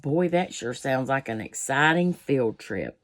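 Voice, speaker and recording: A woman's voice: very deep voice, lively intonation, unhurried. A woman reading a children's picture book aloud, breaking off for folksy asides to her listeners. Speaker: storybook reader.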